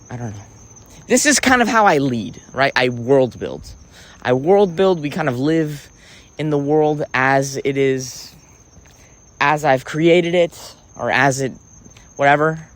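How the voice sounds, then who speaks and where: A man's voice: fairly high pitch, no echo. A man delivering a rambling comic monologue, theatrical and profane, often breaking off and restarting. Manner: theatrical, profane, self-interrupting. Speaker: vlogger.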